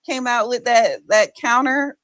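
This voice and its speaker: A woman with a fairly high voice, scolding and emphatic as she talks on a panel. Her speech, and the recording is close and dry. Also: measured pace, fairly bright tone, no echo. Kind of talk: heated panel talk.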